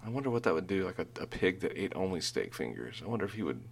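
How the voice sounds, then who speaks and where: A man chatting as a podcast co-host, his pitch rising and falling freely as he jokes. His talk rambles along, full of fillers and quick laughs. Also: sing-song, creaky, a little hiss or hum. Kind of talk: casual chat.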